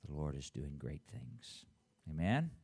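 Deep-voiced man preaching to a congregation. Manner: preaching with call-and-response to the congregation; reads scripture aloud in a slow, drawn-out voice. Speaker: pastor. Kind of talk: church announcements and sermon.

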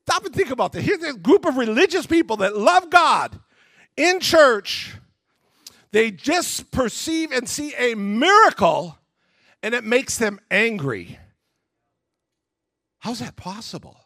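A man's voice: very high-pitched, slow pace, pauses often, no room sound. A male pastor preaching a sermon, telling Bible stories animatedly and acting out their scenes. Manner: animated storytelling, acts out scenes.

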